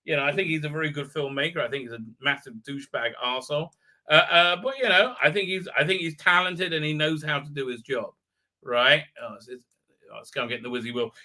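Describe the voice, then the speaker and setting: A man's voice: a little high, fast, sharp tone. A man hosting a live stream, chatting casually in a rambling, sardonic way full of filler sounds. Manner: rambling, many filler ums and uhs, sardonic. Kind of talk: casual live review chat.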